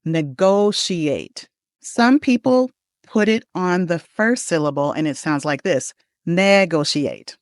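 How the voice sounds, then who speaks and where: An American woman, a pronunciation coach, leading an upbeat lesson and saying model words slowly and deliberately for the listener to repeat. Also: lowish voice, expressive, darkish tone, no room sound, clean studio sound.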